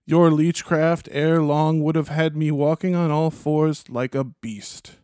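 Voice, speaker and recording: A resolute old king gives firm, measured orders, as a man reads him aloud. His voice is mellow and a bit high, recorded dry and close. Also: fairly even intonation, clean tone, dry recording.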